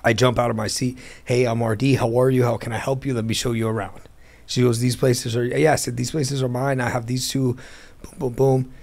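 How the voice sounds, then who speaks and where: The speaker is a man whose medium-pitched, creaky voice moves fairly quickly as he tells his business story. In this informal airplane hangar interview, he's animated and performs the voices of the people involved.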